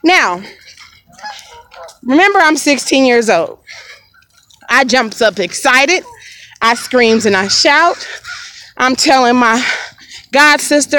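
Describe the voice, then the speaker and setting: A woman's voice: high voice, lively intonation, takes it slowly, pauses often, pushed and bright, low-quality recording. A woman vlogger telling a personal story outdoors by a lake, frank and conversational, speaking straight to her viewers. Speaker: family vlogger.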